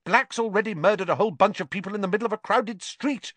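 A man's voice: high-pitched, fast, fairly bright tone, dry recording, voice pushed up. A man voicing an eager, bookish teenage girl who talks in a keen, bossy way. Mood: sharp.

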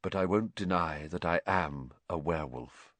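A man voicing a calm, weary male teacher with a measured, cool manner. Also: deep voice, dry recording, pitched below the performer's own voice.

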